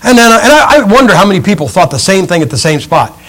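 A middle-aged male pastor telling a story from the pulpit, animated and acting out the scenes as he goes. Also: high voice, fast. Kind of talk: sermon illustration, storytelling. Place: church, speaking from a pulpit.

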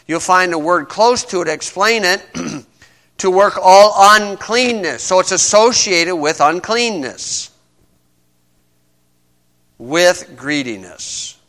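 A man's voice: high-pitched, animated, slow pace, bright, forceful tone. A man preaching a sermon to a congregation in a conversational way, asking his listeners questions as he reads verses. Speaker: pastor.

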